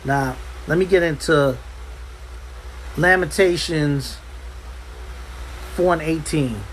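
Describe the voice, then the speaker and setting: A man teaching a Bible class in an impassioned preaching style, forceful and hammering points home by repeating himself. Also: fairly high pitch, slow pace, slight background noise, rough recording. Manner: forceful, repeats "understand" for emphasis. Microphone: livestream.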